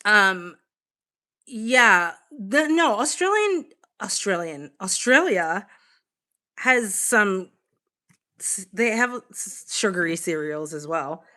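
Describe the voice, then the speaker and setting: A woman's voice: mid-range voice, animated, slow pace, long pauses, bright, forceful tone. Chatty woman with a Boston accent. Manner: chatty, swears freely, reads chat aloud. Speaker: livestream host. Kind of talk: casual live-stream chat. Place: home, on a couch with a blanket.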